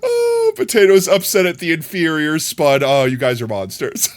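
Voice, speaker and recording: A male live streamer talks casually with his chat in a somewhat high voice that swings around a lot. He teases his viewers and keeps dissolving into giggles and high squeals of laughter. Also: sing-song, moderate pace, hardly any pauses. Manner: playful and teasing.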